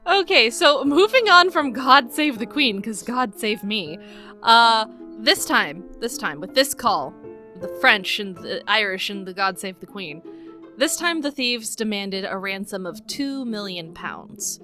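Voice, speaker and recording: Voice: medium pitch, expressive, measured pace, sharp tone, soft background music. A woman co-hosting a podcast, retelling a case from her notes in casual chat and laughing often. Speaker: podcast co-host.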